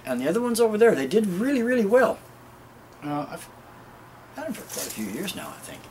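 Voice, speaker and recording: A man's voice: high-pitched, very animated, brisk, noisy background. A man hosting a casual show-and-tell garden vlog outdoors, rambling and chuckling often as he talks to viewers. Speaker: gardening video host.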